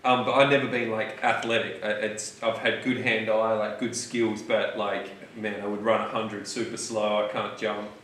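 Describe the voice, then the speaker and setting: A man chatting casually on a podcast in a relaxed way. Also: fairly low pitch, moderate pace, hardly any pauses. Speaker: podcast co-host. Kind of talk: casual chat. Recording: echoey room, mic far off, faint noise.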